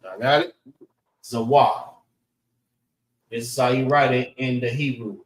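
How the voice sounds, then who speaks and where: A man's voice: medium pitch, fairly quick, a little hiss or hum. Man lecturing in a roomy space. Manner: repeats "all right" as a check-in, loose and conversational. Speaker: class instructor. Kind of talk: casual spoken lecture.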